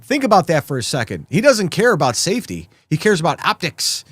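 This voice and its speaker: A man's voice: on the high side, wildly swooping pitch, a little fast, a bit bright, dry recording. A man hosting a live political commentary show, talking sarcastically and mockingly to his viewers.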